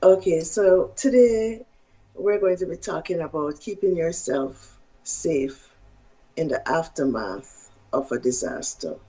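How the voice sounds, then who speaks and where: A woman physician from Jamaica, giving health advice in a measured, halting way. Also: low voice, expressive, dark tone, low-quality recording. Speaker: physician guest.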